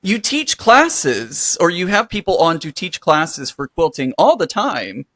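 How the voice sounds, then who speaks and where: This is a man co-hosting a podcast about quilting, talking in an upbeat and animated way. His pitch swings widely as he speaks. The recording is dry, with almost no room sound. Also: unhurried, no echo. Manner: upbeat, animated, plugs the show. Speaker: podcast co-host. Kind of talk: casual chat.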